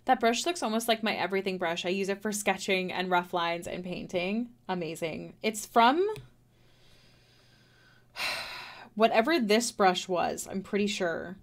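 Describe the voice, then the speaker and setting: A woman's voice: mid-range voice, measured pace. A young Canadian woman talks casually to her stream while she draws, half to herself. Her chat rambles and drifts, and giggles break in often. The sound is close and clean, from a desk mic at home. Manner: rambling, self-talking, giggly.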